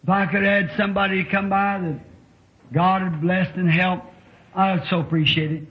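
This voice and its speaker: A male preacher, leading a healing service and pleading with his congregation in a fervent, drawn-out way. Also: high voice, fairly even intonation. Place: church hall. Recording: echoey, dull old church recording.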